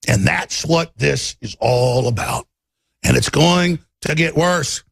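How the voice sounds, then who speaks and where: Man, political rant, fervent and combative, raspy, gravelly, higher voice. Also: takes it slowly, fairly bright tone. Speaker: political commentator.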